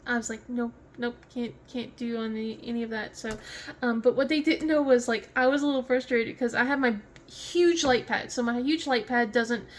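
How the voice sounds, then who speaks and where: A craft vlogger from southern West Virginia chats casually, her Southern American voice sitting on the high side at a moderate pace. She rambles with plenty of fillers, restarts, and frequent laughter.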